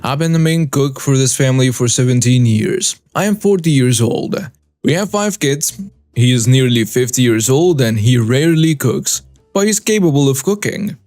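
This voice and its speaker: A man's voice: mid-range voice, animated, normal speed, no echo. A man narrating a reader-submitted story as scripted narration, reading in short clipped phrases. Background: soft background music.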